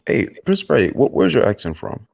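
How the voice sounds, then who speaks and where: A man from Louisiana, a guest in a casual livestream chat, playful and quick to laugh. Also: mid-range voice, very animated, creaky, a little mellow, no echo, muffled recording.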